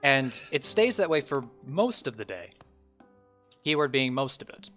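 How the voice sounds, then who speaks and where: Bright-voiced young male dungeon master. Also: medium pitch, sing-song, measured pace, faint music behind. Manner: casual, rambling, swears freely. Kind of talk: narrating a tabletop game.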